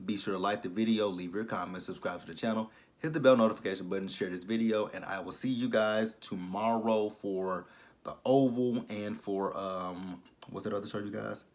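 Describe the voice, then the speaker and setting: A man in his thirties giving a casual recap of a TV episode, animated and talking back at the characters. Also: fairly low pitch, moderate pace. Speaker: YouTube TV recap host.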